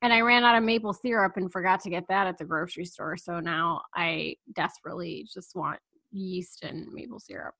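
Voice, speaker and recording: A middle-aged woman co-hosting a podcast in casual chat, animated and rambling, laughing often. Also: fairly low pitch, fairly quick. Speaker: podcast co-host.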